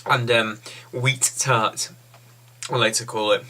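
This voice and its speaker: A man's voice: mid-range voice, steady tone, slow pace, bright, forceful tone. A man giving a casual, blunt and rambling beer review.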